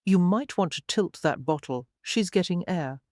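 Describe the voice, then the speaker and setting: A woman's voice: on the low side, animated, normal speed, a little mellow, no echo, studio quality. A woman voicing a confident, teasing Texan businessman in an audiobook, with an easygoing, wry manner.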